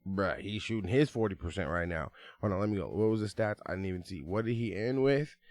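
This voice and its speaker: A man co-hosting a sports podcast, chatting casually in an excitable, slangy way with big swings in his voice. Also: fairly low pitch, quick pace, dry recording, clean studio sound. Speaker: podcast co-host.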